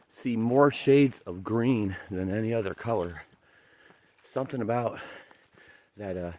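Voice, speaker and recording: A man's voice: on the low side, no room sound, dull audio. A man vlogging on a long-distance hike in a forest, talking in an earnest, emotional, rambling way. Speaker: thru-hiker vlogger. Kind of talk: casual trail vlog. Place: forest trail outdoors.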